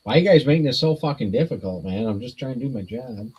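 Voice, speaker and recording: A man's voice: medium pitch, lively intonation, quick pace, darkish tone, slightly rough, low-quality recording. A man and podcast co-host, joking around with profane banter in casual chat.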